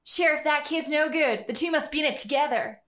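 A sour, snide office clerk, voiced by a woman speaks in a somewhat high voice. She is dismissive and contemptuous. Her lines ring out in a roomy, echoing space. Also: brisk, fairly bright tone.

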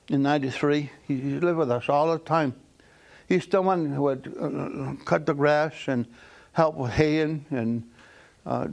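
A man from a Mohawk community tells stories in a loose, halting way, full of pauses and fillers. His voice sits a little high. He chuckles at his own punchlines. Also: a little mellow. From Akwesasne Mohawk community. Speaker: storyteller. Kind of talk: casual spoken storytelling.

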